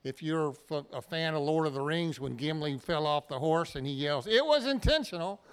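A man's voice: a little high, fairly even intonation, normal speed, smooth. A man preaching a sermon in a church, talking to the congregation in a plain, conversational way with everyday examples. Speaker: pastor.

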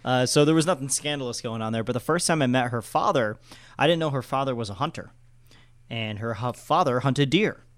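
A man's voice: medium pitch, a little fast. A young man co-hosting a podcast, telling a playful story in casual chat. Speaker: podcast co-host.

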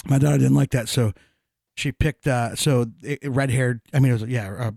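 A man's voice: medium pitch, fairly even intonation, normal speed, vocal fry, warm tone, no echo, studio quality. A middle-aged man telling stories in a casual chat, profane and laughing often.

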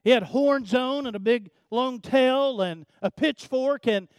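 An older man preaching a sermon, telling a family story in a folksy way, often repeating words and swinging from hushed to loud. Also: very high voice, unhurried, dry recording, clean studio sound. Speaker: pastor.

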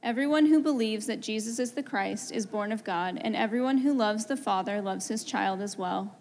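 A woman reading a scripture passage aloud in church, steady and measured. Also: mid-range voice. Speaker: scripture reader. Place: church sanctuary. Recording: reverberant church hall.

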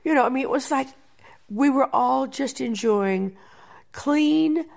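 A woman producer in an interview, telling backstage stories in a lively way and often repeating words as she thinks. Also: high-pitched, slow pace, creaky. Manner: animated storyteller, repeats words while thinking. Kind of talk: interview conversation.

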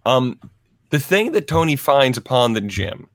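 A man's voice: medium pitch, sing-song, unhurried, gravelly, no room sound, clean studio sound. A man on a casual podcast, making wry remarks and asking questions about a film. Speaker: podcast co-host.

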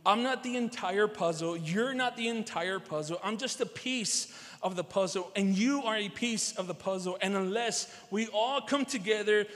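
A male pastor preaches to his congregation in a high-pitched voice. He repeats his key phrases and speaks to the people in front of him directly. His voice carries a long reverb from a large church sanctuary. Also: normal speed, a bit bright. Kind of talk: sermon.

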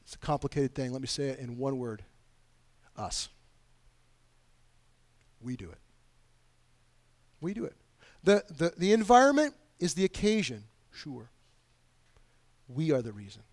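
A man preaching a sermon, pleading with his listeners and swinging between hushed, quiet stretches and loud, emphatic lines. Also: a little high, lively intonation, a little slow, pauses often, no echo. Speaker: pastor.

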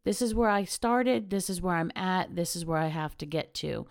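A woman's voice: on the low side, expressive, normal speed, gravelly, no echo, studio quality. A middle-aged woman, hosting a casual motivational monologue as a chatty, candid, self-mocking storyteller. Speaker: podcast host.

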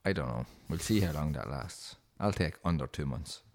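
A man's voice: extremely low pitch, lively intonation, normal speed, darkish tone. A man co-hosting a casual podcast chat, bantering, swearing freely and laughing often. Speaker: podcast co-host.

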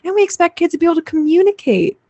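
A woman's voice: very high-pitched, animated, very fast, dark tone, dry recording, highs cut off. A woman hosting an interview, responding in an enthusiastic and reflective way. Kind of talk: conversational interview.

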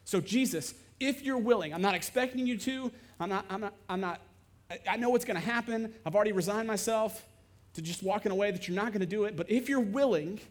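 A man's voice: high-pitched, fairly quick, lightly acted. A man voicing a desperate, resigned male leper who begs to be accepted, in a dramatized sermon monologue. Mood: resigned longing. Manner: pleading, plain-spoken.

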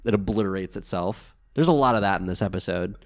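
A man co-hosting a podcast in casual chat, recapping an anime episode in a wry, animated way with the odd swear. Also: low voice, fast talker.

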